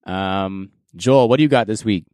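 A man's voice: fairly low pitch, normal speed, dry recording, studio quality. A man hosting a casual podcast, moving the talk along and reviewing sneakers in an easygoing way. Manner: relaxed, hosting and giving sneaker reviews with laughs. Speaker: podcast host.

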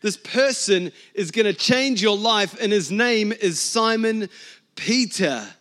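A man voicing a booming male angel in an odd mixed accent, played for laughs within a sermon. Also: lively intonation, slow, fairly bright tone, exaggerated voice. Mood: mock-grand. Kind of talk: playful sermon role-play.

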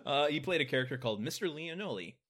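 A man's voice: a little high, animated, quick pace, fairly bright tone, breathy edge. A man co-hosting a podcast who runs the segments and laughs often in casual chat. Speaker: podcast co-host.

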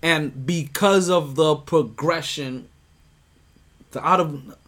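Man, podcast host, casual sports talk, rambling, animated, slightly high voice. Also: takes it slowly. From United States. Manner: rambling, animated, with restarts and laughs.

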